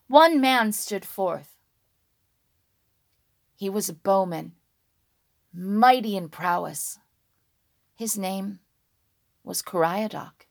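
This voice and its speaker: A woman telling a dragon folk tale slowly and dramatically, dropping to a hush and rising on key words. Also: mid-range voice, animated, creaky. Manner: slow, hushed and dramatic, with sudden loud words. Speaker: storyteller.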